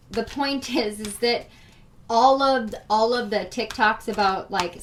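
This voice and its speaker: A woman's voice: mid-range voice, a bit bright, distant mic, slight background noise. A woman doing a casual tarot reading, chatty and emotional, with frequent laughs and fillers. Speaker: tarot reader.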